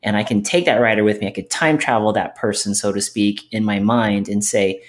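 A man hosting a podcast, chatting in a relaxed, conversational way with many fillers. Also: lowish voice, brisk, few pauses. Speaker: podcast host. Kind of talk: casual podcast chat.

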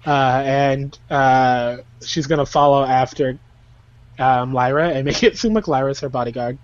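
A man playing a tabletop game, excitable and quick-talking. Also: mid-range voice, lo-fi sound. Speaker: player. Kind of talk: casual tabletop play.

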